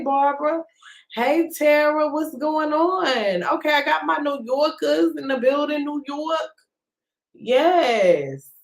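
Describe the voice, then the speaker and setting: Slow-talking Texan woman chatting live. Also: sits high, rough recording. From Texas. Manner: chatty, greets viewers by name with playful drawn-out slang. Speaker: livestream host. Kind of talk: casual livestream chat. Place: at home.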